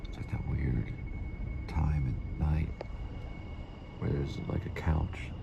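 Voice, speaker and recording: A man's voice: rumbling low, steady tone, slow, vocal fry, recorded from a distance, lo-fi sound. A man driving deliveries, chatting casually in a folksy way from inside his car. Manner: chatty, folksy running commentary. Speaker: delivery driver and vlogger. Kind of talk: casual narration while driving. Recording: loud car road noise.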